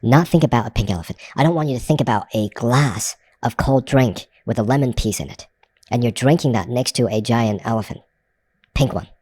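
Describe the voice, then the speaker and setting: A man's voice: medium pitch, normal speed, darkish tone, slightly rough, no room sound. A man teaching a recorded course, talking loosely with restarts and frequent "right?", and saying the same phrase several ways to show shifts of tone. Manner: explains in loose spoken runs, many restarts and "right?". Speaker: hypnosis course instructor.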